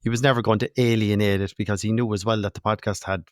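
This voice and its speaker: A man's voice: on the low side, steady tone, quick pace, clean tone, dry recording, clean studio sound. A man, a podcast co-host in casual chat, talking in a chatty way and repeating words as he goes. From Ireland.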